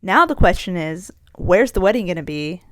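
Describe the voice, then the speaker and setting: A woman's voice: fairly low pitch, expressive, normal speed, dry recording. A woman co-hosting a casual chat show, gushing and laughing often. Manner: giggly, gushing. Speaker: co-host.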